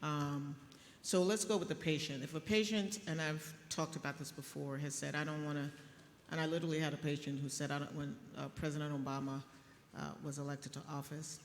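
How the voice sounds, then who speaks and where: A middle-aged woman physician speaking on a conference panel, telling stories in a lively way with laughs. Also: low voice, a little fast, slight background noise. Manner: animated storytelling with laughs. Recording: echoey hall with faint ambience.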